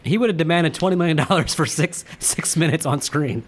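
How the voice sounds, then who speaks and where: A man's voice: on the high side, fairly quick. A man co-hosting a casual movie podcast, chatty and rambling as he shares film trivia. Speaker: podcast co-host.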